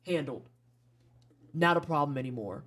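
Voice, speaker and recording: Streamer, Midwestern American accent, average pitch; loose, frank live commentary full of tangents and casual cursing. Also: animated, moderate pace. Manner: rambling, frank, swears casually. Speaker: streamer playing game demos.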